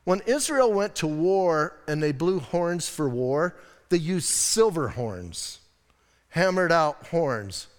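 High-voiced man preaching casually. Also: animated, slow pace. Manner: casual, chatty, addresses listeners as "man". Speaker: pastor. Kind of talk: conversational sermon. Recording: church hall reverb.

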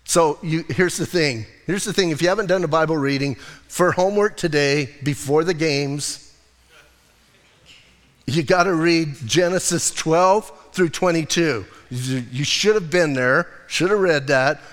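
A man's voice: fairly high pitch, unhurried, a bit bright. A male pastor preaching a sermon in a conversational way, teasing his congregation. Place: church sanctuary. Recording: long hall reverb.

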